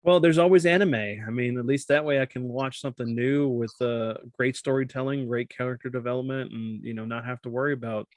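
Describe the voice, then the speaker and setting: A man's voice: mid-range voice, steady tone, brisk, few pauses, no echo. A man hosting a casual podcast chat, joking around and tripping over his words. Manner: stumbles over words, jokey. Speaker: podcast host.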